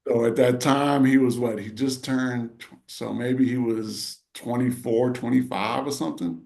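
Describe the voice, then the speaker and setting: A middle-aged man speaks in a casual podcast chat. He tells his story with heartfelt emotion and rambles, leaning on little check-ins with his listeners. His voice sits at an ordinary pitch for a man. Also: steady tone, a little slow, gravelly, a little mellow. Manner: rambling, full of "you know" and "right". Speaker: podcast co-host.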